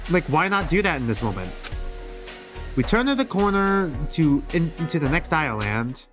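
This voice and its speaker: A man's voice: fairly high pitch, sing-song, moderate pace, fairly bright tone, faint music behind. A man casually commenting and joking while streaming a game, thinking aloud. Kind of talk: live gameplay commentary and reading. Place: outdoors, quiet.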